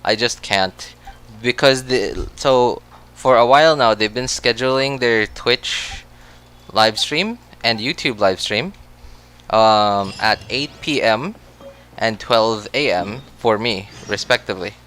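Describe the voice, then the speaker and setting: A man's voice: fairly low pitch, slow, bright, forceful tone. A man chatting casually on a game livestream, rambling with many restarts and frequent laughs. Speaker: game streamer.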